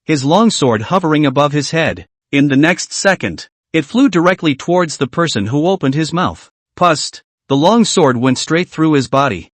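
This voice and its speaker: A man giving scripted narration of a comic recap in a steady dramatic storytelling manner. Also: a little high, no echo.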